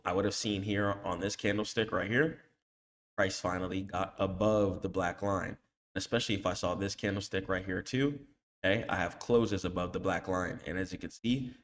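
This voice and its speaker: Man, gravelly, slangy trading tutor, keeps saying okay. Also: deep voice. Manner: slangy, repeats "okay?" after nearly every point; scolds emphatically when warning against emotional trading. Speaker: trading educator. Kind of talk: screen-share chart tutorial.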